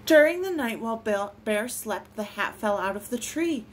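A woman reading picture books aloud for a children's storytime, expressive and lilting. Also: a little high, normal speed, slight background noise. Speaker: storytime reader.

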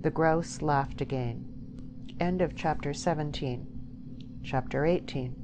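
A woman with a notably low voice narrating a classic novel. Her reading is measured and literary, with steady scripted narration. It is a calm audiobook performance. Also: noisy background.

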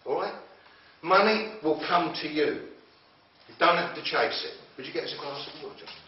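A man's voice: a little high, moderate pace. A man giving a live motivational talk to an audience, chatty and emphatic, often checking in with the room. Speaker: motivational speaker. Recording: echoey room, distant dull mic, faint noise.

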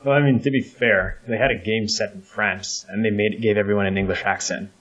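A man's voice: fairly low pitch, fairly quick, dull audio. A man chatting while playing a shooter game, calling the moves and swearing at his mistakes. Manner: swearing, excitable outbursts, directing the play. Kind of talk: casual gaming chat.

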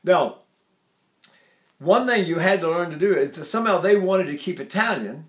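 An older man gives a singing lesson in a slightly high voice, rambling from point to point and stopping to demonstrate. The sound is roomy and echoey. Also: lively intonation, moderate pace. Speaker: voice teacher. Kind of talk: vocal lesson talk.

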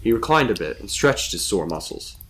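Lively low-voiced male storyteller. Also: normal speed. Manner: expressive storytelling. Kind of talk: scripted narration.

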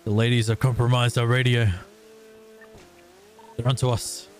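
A man streaming a roleplay game, chatting casually with friends, playful and quick to laugh. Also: medium pitch, little pitch movement. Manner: laughing, playful, talks in a pirate growl. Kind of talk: casual gaming chat.

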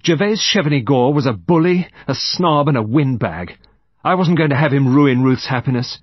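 A man's voice: medium pitch, normal speed, husky, dry recording, lightly acted. A man voicing a bitter, fierce grey-haired older woman in an audiobook. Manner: fierce, resentful. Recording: dull dry recording.

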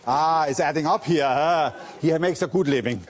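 A man's voice: fairly high pitch, moderate pace, noisy background. Playful man doing a pickpocket stage act. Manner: playful, teasing, coaxing audience volunteers. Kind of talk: live stage patter with volunteers.

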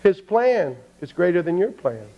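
A man's voice: sits high, big pitch swings, moderate pace. A man preaching a sermon as pastor, telling a story and acting out the people in it. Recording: dull lo-fi church stream.

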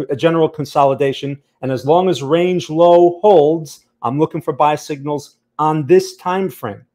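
Male stream host, casual explainer, somewhat higher voice, frequent "right?" and "okay?" asides to viewers. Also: a little mellow. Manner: conversational, keeps checking in with "okay?" and "right?". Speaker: trading channel host. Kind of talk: live-stream market analysis, reading chat.

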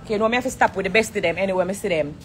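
A woman's voice: mid-range voice, racing, a little hiss or hum. A woman with a Jamaican accent in a heated, blunt live-stream rant from an airport corner, talking into her phone. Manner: confrontational, blunt, profane. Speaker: dancehall artist on a live stream.

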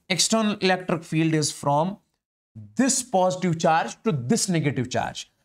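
A male teacher delivers an exam-prep physics lecture. His pitch swings widely as he stresses points. He is emphatic and repetitive, going back over each step again and again.

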